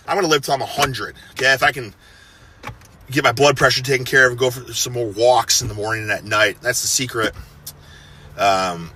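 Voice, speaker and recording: A man's voice: mid-range voice, sharp tone, a little hiss or hum. A man of thirty giving a casual, profane motivational pep talk, intense and full of gym bravado. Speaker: fitness personality giving a personal message.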